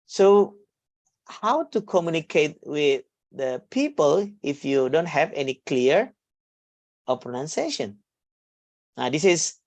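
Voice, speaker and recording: A woman with an Indonesian accent teaching an online English class, speaking haltingly with many fillers and restarts over a video call. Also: low voice, a little mellow, dry recording. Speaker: English lecturer.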